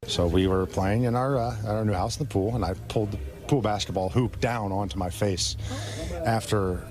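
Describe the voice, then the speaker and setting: A man, a baseball relief pitcher, telling a story about himself with dry, self-mocking humor in an interview clip. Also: moderate pace. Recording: interview clip with music behind.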